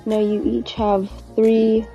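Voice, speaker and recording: A woman walks through a drawing game's rules with patient, instructive delivery. Her tone is mellow and warm, and faint music plays beneath. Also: fairly high pitch, completely flat delivery, slow pace, muffled recording. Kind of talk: tutorial video.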